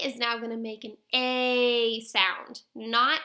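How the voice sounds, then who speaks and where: Slow, bright-voiced woman teacher. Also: on the high side, level tone. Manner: slow, drawn-out sounding of letters, coaxing questions to young kids. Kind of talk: early-grade phonics lesson to camera.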